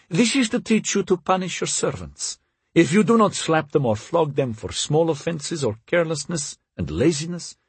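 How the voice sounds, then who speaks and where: A man voicing a sulky, haughty young noblewoman in a storybook reading, with a cold, imperious manner and a husky voice. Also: on the high side, no room sound, pitched above the performer's own voice, exaggerated voice.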